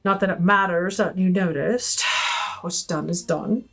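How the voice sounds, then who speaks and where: A woman's voice: fairly low pitch, a little slow, fairly bright tone, soft background music, pitched below the performer's own voice. A woman doing a cold, accusing cousin with a shaky accent. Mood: resigned. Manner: guarded and accusing, with a put-on accent that slips. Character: cold, suspicious woman confronting her cousin.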